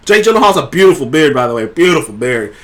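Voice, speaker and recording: A man hosting a casual trailer review show, talking in an excited, rambling way and swearing freely. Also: mid-range voice, fast. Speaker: show host.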